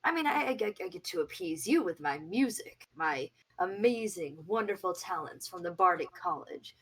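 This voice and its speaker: A woman playing a boastful minion bard, husky voice. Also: lowish voice, lively intonation, moderate pace, fairly bright tone. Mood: eager. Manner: boastful and eager, stumbling over words. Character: boastful hornless male tiefling bard, a villain's eager minion. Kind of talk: tabletop role-play voicing.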